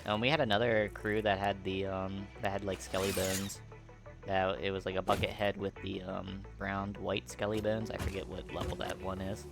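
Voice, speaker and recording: Hoarse gravelly man, game music behind. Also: deep voice, level tone, normal speed. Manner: rambling, filler-heavy, laid-back. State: hoarse, losing his voice. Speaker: gaming video creator. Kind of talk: casual gameplay commentary.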